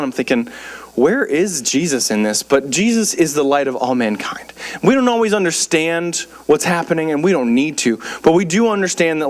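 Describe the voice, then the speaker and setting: Young pastor with a higher voice, preaching casually. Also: male voice. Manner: informal, repeats words, many fillers like "like". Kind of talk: sermon. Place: church.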